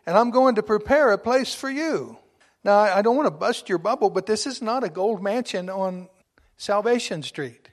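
A middle-aged man preaching a sermon, exuberant and emphatic, at times bursting into shouts. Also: sits high.

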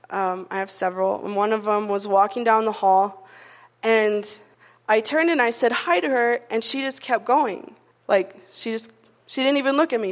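A young adult woman giving a casual, conversational sermon, telling stories in a chatty way with many "like" fillers. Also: on the high side. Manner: chatty storytelling, frequent "like" fillers. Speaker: preacher. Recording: long reverb of a hall.

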